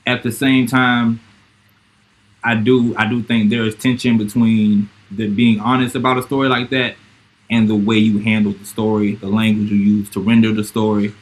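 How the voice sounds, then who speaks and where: A man hosting a casual chat, speaking haltingly and thoughtfully with many restarts. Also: on the low side, flat delivery, low-quality recording. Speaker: podcast host.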